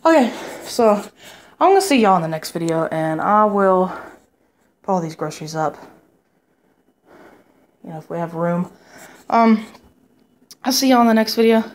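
A young woman telling a story casually at home, animated and swearing freely as she quotes people. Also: medium pitch, normal speed, pauses often. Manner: animated, profane, quotes people in raised voices. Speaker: vlogger.

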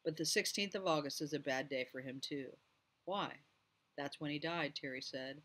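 A man reading a novel aloud at home, lively and doing each character's voice. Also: on the high side, normal speed. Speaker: audiobook reader.

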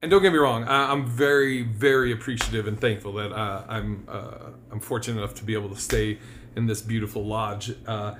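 A man's voice: lowish voice, steady tone, fairly quick, a bit bright. Profane self-mocking man, noisy background. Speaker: vlogger. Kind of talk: casual comedic rant. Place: rural cabin, partly outdoors.

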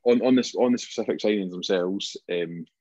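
A man's voice: fairly low pitch, fairly quick, mellow. A Scottish man co-hosting a football podcast in casual chat, thoughtful and hedging, often restarting his phrases. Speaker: podcast co-host. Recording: dull lo-fi podcast audio.

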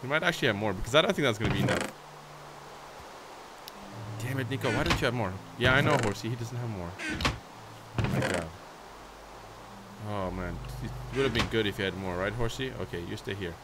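Playful young gaming commentator, noisy mic. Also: male voice, fairly low pitch, lively intonation, brisk, long pauses. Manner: playful, chatty, talks to viewers as "guys"; bursts into shrieks and baby talk at his horse. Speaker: gaming YouTuber. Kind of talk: Minecraft let's play commentary.

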